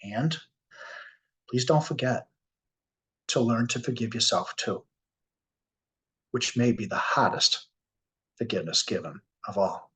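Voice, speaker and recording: A man with a Boston accent giving a workshop talk, speaking slowly and earnestly with pauses as he tells a story. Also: medium pitch, lively intonation, fairly bright tone, rough recording. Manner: slow, earnest and heartfelt, with pauses. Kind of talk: reflective keynote talk with storytelling.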